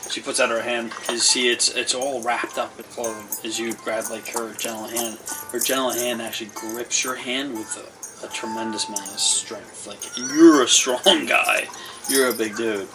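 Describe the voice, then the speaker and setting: A man's voice: medium pitch, little pitch movement, normal speed, music in the background. A man running a tabletop game as game master, describing scenes in a rambling way full of fillers and restarts. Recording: distant mic with clear background noise.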